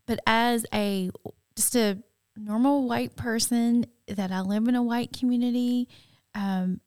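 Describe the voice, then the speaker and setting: Female podcast co-host, earnest and soft-spoken, slightly high voice, dry close sound. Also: fairly even intonation, a little slow, clean tone, no echo. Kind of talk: interview conversation.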